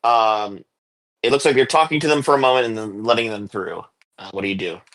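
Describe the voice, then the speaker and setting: A man narrating as game master of a tabletop game, pausing often with ums and uhs. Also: lowish voice, fairly bright tone. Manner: hesitant, many ums and uhs.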